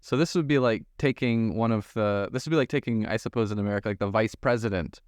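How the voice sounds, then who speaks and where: A man's voice: fairly low pitch, fast talker, dry recording, clean studio sound. A man hosting a podcast, casually thinking aloud as he frames questions for his guest. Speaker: podcast host. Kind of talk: interviewer asking questions.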